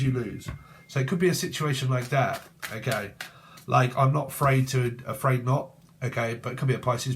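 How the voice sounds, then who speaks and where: A man's voice: medium pitch, slight background noise. Rambling, jokey man reading tarot. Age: 40s. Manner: rambling, jokey, laughs often, slips into playful voices. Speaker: tarot reader. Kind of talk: casual tarot reading monologue.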